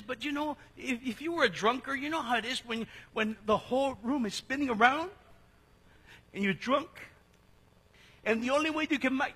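A middle-aged pastor preaches from the pulpit in a high, bright, slightly husky voice. His sermon style is conversational and jokey, dropping suddenly into a hush. The long reverb of a church sanctuary hangs around every word.

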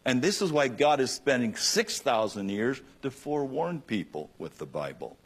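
A male pastor preaching a radio sermon with passion, swinging between loud emphatic bursts and hushed lines. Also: medium pitch, sing-song, moderate pace, slightly rough.

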